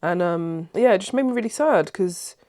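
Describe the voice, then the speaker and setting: A woman's voice: fairly low pitch, animated, normal speed, darkish tone, no echo, clean studio sound. A woman vlogging at home in a casual, rambling chat, emotional and easily moved, often breaking off and restarting. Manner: rambling and self-interrupting. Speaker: craft vlogger.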